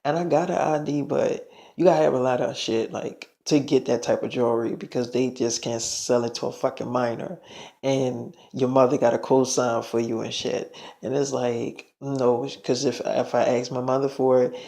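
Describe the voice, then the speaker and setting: A man's voice: medium pitch, steady tone, moderate pace, creaky, warm tone. A man telling a story casually, rambling and swearing a lot, with many fillers. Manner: rambling, profane, full of fillers.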